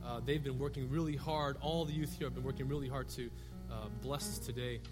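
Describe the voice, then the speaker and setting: A man's voice: mid-range voice, steady tone, fairly quick. Man, youth pastor, church sermon, storytelling, lots of fillers, faint music behind. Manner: conversational, storytelling, frequent filler words. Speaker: youth and young adult pastor.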